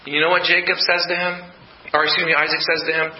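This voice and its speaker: A man's voice: a little high, level tone, quick pace, lo-fi sound, slight background noise. A man preaching a sermon as pastor, emphatic, repeating his points and asking rhetorical questions. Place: church.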